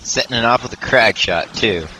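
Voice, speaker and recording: This man's voice sits mid-range at a moderate pace, pushed and bright. As a let's play commentator, he gives casual, rambling, self-deprecating gameplay commentary full of fillers and restarts. The low-quality recording has a little hiss or hum, and game music plays beneath him.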